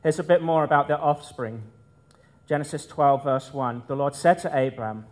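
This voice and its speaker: A man's voice: fairly high pitch, normal speed, darkish tone. Man preaching a conversational sermon. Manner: conversational, explanatory teaching with asides.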